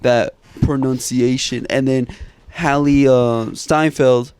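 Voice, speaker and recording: A man's voice: mid-range voice, fairly even intonation, takes it slowly, a little mellow, smooth, no echo. Young man, dry close sound, casual. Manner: casual, swears, explains details. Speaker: podcast co-host. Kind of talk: casual podcast chat.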